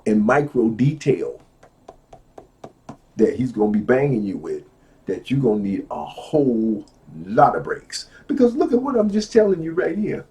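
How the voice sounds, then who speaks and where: A middle-aged man lectures from a book in a sing-song way, slowly repeating key phrases. He swings between low asides and loud exclamations.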